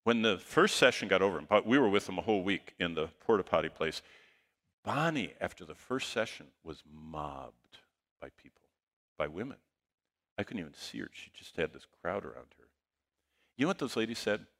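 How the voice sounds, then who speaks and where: Male pastor, lively storytelling sermon, bright voice, long hall reverb. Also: low-pitched, moderate pace. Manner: animated storyteller, swings between loud bursts and hushed asides. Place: church auditorium.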